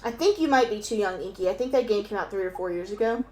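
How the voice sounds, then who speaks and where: A young woman chatting casually at home as a stream guest, excitable and swearing freely, sometimes bursting into loud laughing shouts. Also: mid-range voice, fast talker, slight background noise. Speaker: guest co-host on an art stream. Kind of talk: casual chat.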